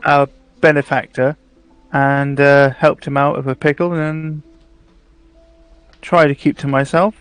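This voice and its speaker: A man voicing a quiet metal construct with no memory, speaking slowly and reflectively in a tabletop role-play. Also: fairly high pitch, level tone, faint music behind. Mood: wistful.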